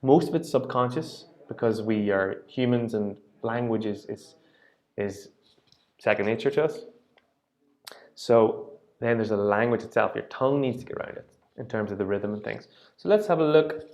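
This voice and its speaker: A man's voice: lowish voice, moderate pace, a little mellow. A man teaching a singing lesson, patiently explaining rhythm and singing short phrases to demonstrate.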